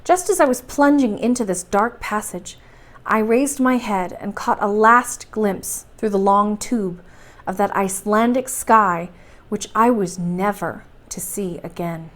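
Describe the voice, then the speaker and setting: A woman reading a classic adventure novel aloud as a bedtime story, in steady, clear narration. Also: medium pitch, a little slow. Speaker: library storytime reader.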